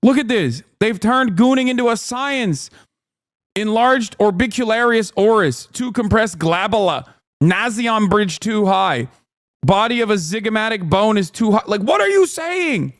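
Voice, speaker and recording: A man in his thirties ranting on a livestream in a high, lively voice. He talks in a profane, mocking way and sometimes bursts into loud shouting impressions. The sound is close and dry, with no room around it. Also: unhurried, no room sound. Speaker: streamer. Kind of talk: casual livestream rant.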